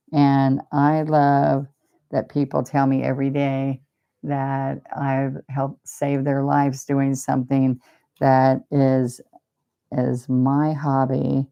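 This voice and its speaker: A woman's voice: rumbling low, creaky, dark tone. A woman teaching a live painting demonstration, chatty and rambling, openly emotional and talking about faith. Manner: speaks of faith and blessings.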